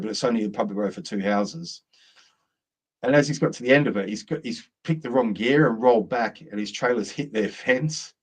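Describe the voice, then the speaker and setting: A middle-aged man, co-hosting and telling a long rambling story in casual chat. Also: fairly low pitch. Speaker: co-host.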